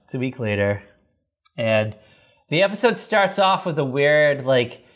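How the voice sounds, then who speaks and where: A man's voice: big pitch swings, unhurried, fairly bright tone. A man co-hosting a podcast, casually recapping an old sitcom episode in a rambling, profane way. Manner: rambling, profane, acts out characters in high voices. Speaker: podcast co-host.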